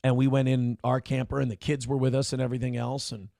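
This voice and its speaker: Gravelly-voiced man talking candidly. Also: mid-range voice, level tone, fast talker, warm tone, dry recording, clean studio sound. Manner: candid, rambling with restarts and acted quotes. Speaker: podcast host reading chat comments. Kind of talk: casual livestream chat.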